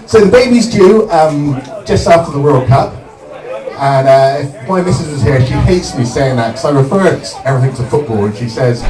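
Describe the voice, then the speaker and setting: A young male stand-up comedian, delivering deadpan one-liners with lots of "um" pauses. His voice is fairly high and rises and falls a lot. He sounds distant in an echoey club with a loud crowd around him. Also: over music. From Somerset, England.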